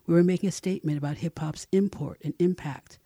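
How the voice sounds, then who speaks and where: A man narrating a first-person memoir in an expressive audiobook reading, close to the mic. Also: on the high side, fast talker, no echo.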